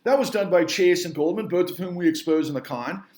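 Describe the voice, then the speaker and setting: A man's voice: sits high, a little fast, darkish tone, reverberant. A man giving an angry, emphatic rant straight to his audience, repeating himself for force. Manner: angry, emphatic, repetitive, swearing mildly. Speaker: filmmaker and entrepreneur. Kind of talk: impassioned rant to camera.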